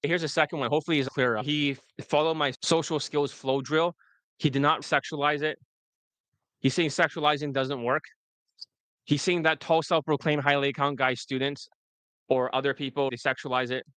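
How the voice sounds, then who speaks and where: A man's voice: a little high, fairly even intonation, moderate pace, a bit bright, clear, resonant tone, dry recording. Blunt, profane male dating coach. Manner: loose, rambling delivery. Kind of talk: livestream coaching replay.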